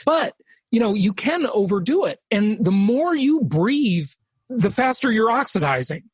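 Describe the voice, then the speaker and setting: A man's voice: high-pitched, big pitch swings, unhurried, husky, no room sound, poor audio. A man hosting an interview podcast, talking casually and rambling, often stopping and restarting mid-thought. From United States. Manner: rambling, self-interrupting, talks to listeners as folks. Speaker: podcast host.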